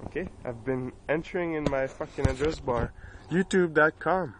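A man's voice: fairly high pitch, normal speed, background noise. Man, Acadian French Canadian accent, furious profane rant, repeats himself, outdoors, phone mic. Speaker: vlogger. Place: outdoors near his home, filming the sky. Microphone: cell phone camera.

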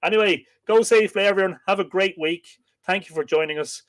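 A man's voice: sits high, fast talker. An Irish man hosting a casual live-stream chat, joking and laughing often as he tells stories. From Ireland. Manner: jokey, laughing often, lively storytelling. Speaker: podcast host.

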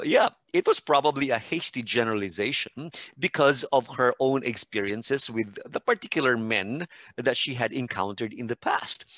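A man of ordinary pitch tells classroom anecdotes in a relaxed podcast chat, acting out other people's lines as he goes. The sound is dry and close, with no room around it. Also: no room sound. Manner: animated storytelling with acted-out quotes. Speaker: podcast guest expert and teacher. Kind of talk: casual podcast conversation.

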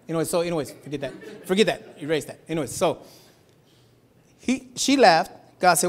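A man pastor preaching a Sunday sermon in a church, talking in a loose, slangy way, sometimes shouting and sometimes dropping to a hush. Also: on the high side, moderate pace. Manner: conversational preaching with slangy asides and laughs; swings from shouting to hushed.

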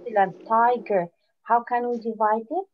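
A woman teaching a phonics lesson online, patient, full of praise, and repeating words slowly for her pupils. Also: fairly high pitch, fairly even intonation, slight background noise. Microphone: video call. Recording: dull lo-fi online call audio.

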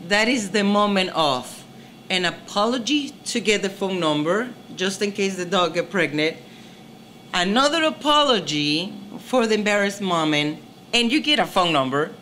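A woman's voice: medium pitch, sharp tone, slight background noise. A woman with a thick accent co-hosting a casual dating chat, teasing and playful. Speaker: co-host giving dating tips.

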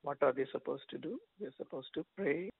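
A man's voice: fairly high pitch, fairly quick, vocal fry, slightly rough, no echo. A man preaching a sermon over a telephone prayer line, earnestly teaching and quoting scripture, with rhetorical questions. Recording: tinny phone line, dry.

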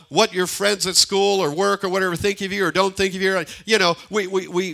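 An older man preaching a sermon as pastor, swinging between emphatic lines and hushed near-whispers and repeating key phrases. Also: sits high. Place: church sanctuary.

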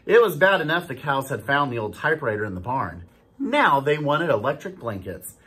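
A school staff member reading a storybook aloud to children, animated and stopping to ask them questions. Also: medium pitch, normal speed, breathy edge. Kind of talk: storybook read-aloud for kids.

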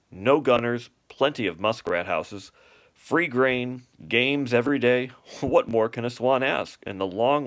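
A man's voice: mid-range voice, close to an everyday voice. A man doing a pompous father swan. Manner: grand, lecturing, flowery speeches. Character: adult male swan father, pompous and long-winded. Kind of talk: storybook read-aloud.

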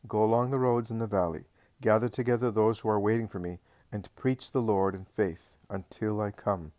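A man reading the lines of Jesus as a calm, patient male teacher in a religious audiobook. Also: on the low side, no echo, lightly acted. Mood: gently instructive. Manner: measured, patient, reassuring.

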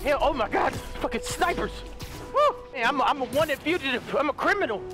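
A man giving loud, excitable let's play commentary, swearing freely and slipping into goofy mock-announcer bits. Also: very high-pitched, a little fast, music in the background. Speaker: gaming YouTuber. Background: game soundtrack and sound effects.

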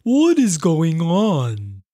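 Guy doing a grumpy sleepy bear for a kids story, high and sing-songy, drags his words. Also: huge pitch swings, dark tone, full character voice. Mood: cranky. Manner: grumpy, drowsy, slow. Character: cranky sleepy male bear in a cave.

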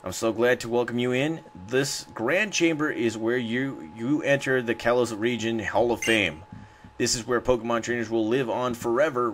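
A man's voice: medium pitch, a little hiss or hum, natural voice. A gracious female champion, read out by a man. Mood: solemn. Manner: reads game dialogue aloud, stumbling over words. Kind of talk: reading game text aloud.

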